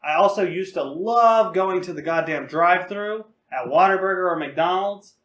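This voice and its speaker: A man's voice: high voice, normal speed, a bit bright, roomy sound. A young man in his twenties, co-hosting a podcast and telling profane, laughing stories in a loose, casual way. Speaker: podcast co-host. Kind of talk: casual storytelling.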